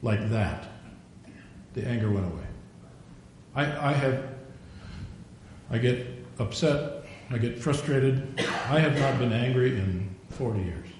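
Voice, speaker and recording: An older man preaches in a folksy, storytelling manner, slipping into little acted voices for prayers and conversations. His voice sits at a middle pitch and rings through a very echoey room with a faint hiss of noise behind it. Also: animated, slow, pauses often, a little mellow. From Norwegian. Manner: folksy storytelling, acts out dialogue. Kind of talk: sermon.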